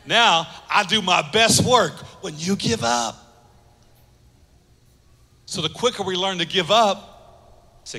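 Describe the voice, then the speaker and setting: A man pastor preaching a sermon, earnest, repeating phrases for emphasis and dropping soft on key lines. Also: sits high, animated, slow pace, pauses often, big-room sound.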